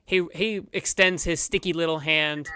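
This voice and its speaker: Bright-voiced game master narrating. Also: medium pitch, fairly even intonation, clean tone, no echo. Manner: descriptive, unhurried, with fillers.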